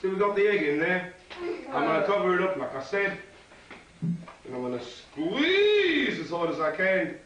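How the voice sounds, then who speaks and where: A man's voice: high-pitched, sing-song, moderate pace, a bit bright, muffled recording. A man performing as a clown entertainer, telling a playful story and doing a magic trick for children, chatty and teasing. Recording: echoey, distant, noisy venue.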